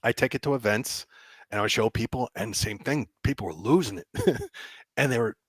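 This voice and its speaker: A man, a game developer, telling animated stories as a guest and acting out people's reactions with frequent laughs. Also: mid-range voice, a little fast, breathy edge, no room sound. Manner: excitable, acts out reactions, laughs often. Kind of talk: animated storytelling.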